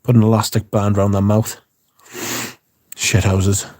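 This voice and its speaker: A man's voice: lowish voice, little pitch movement, unhurried, a little mellow, dry recording, studio quality. Profane, rambling man streaming. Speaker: livestream host. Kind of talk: casual chat, reading viewer comments.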